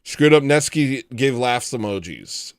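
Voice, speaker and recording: Chatting casually through viewer comments, this livestream host slips in dry, sardonic remarks. He has a smooth, mid-range, animated voice and speaks at a measured pace, with no room sound.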